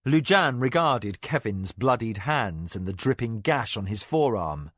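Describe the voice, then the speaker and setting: A man narrating a fantasy novel in an expressive, dramatic reading. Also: medium pitch, a little slow, hardly any pauses, no echo, studio quality. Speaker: audiobook narrator. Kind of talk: scripted narration.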